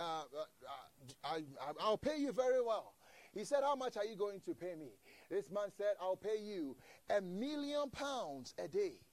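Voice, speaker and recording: A man's voice: high-pitched, darkish tone. A man preaching a sermon, emphatic, with repeated stammering restarts and quoted characters acted out.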